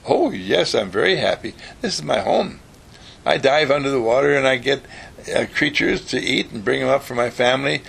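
A man voicing a gentle, motherly female polar bear who speaks calmly and kindly in a bedtime story. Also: mid-range voice, normal speed, gravelly, slightly rough, full character voice. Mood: content. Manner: calm, kindly.

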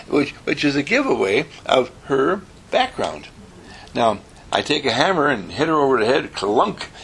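Gravelly, animated male teacher. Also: medium pitch, slight background noise. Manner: animated, repetitive, chuckling asides. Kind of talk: informal spoken lesson to a small group.

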